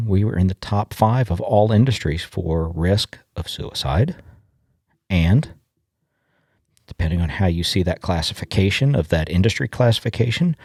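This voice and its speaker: Middle-aged guy from illinois, low voice, goes up and down a lot, folksy podcast host. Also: darkish tone, breathy edge, no room sound, clean studio sound. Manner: folksy storyteller, halting restarts. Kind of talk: casual podcast monologue.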